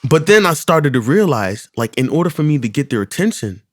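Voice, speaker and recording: A man in casual podcast chat, a father talking loudly and animatedly, often repeating himself. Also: on the high side, sing-song, fairly quick, no room sound, clean studio sound. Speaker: podcast co-host.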